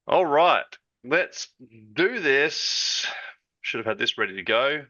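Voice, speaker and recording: Man, podcast host, casual chat, jokey upbeat banter, bright forceful voice, dry muffled lo-fi sound. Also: medium pitch, lively intonation, slow pace.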